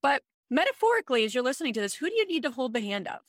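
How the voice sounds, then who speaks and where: A woman in her thirties, a podcast co-host, telling a personal story in an animated, chatty way. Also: high voice, rapid-fire, no room sound, studio quality. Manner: animated, chatty, with frequent "like" and "I'm like". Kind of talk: casual storytelling chat.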